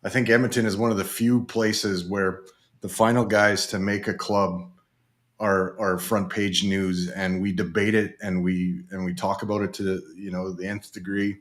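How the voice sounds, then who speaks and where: A man with a very low, deep voice hosts a casual podcast chat. He talks in an easygoing way, pausing often with fillers as he gathers his thoughts. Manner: relaxed, hesitant, many fillers. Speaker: podcast host.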